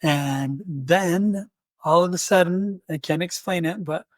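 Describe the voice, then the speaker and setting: A man's voice: fairly high pitch, slow, no room sound. A man and podcast host telling a personal story in conversation, acting out the voices of people he quotes. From United States. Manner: animated, acts out quoted voices.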